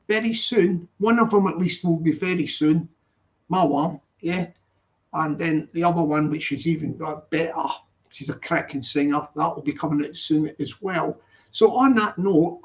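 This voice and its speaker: A man chatting casually on a live stream, rambling and greeting viewers one by one by name. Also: a little high. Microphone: streaming setup. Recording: dull lo-fi live-stream audio.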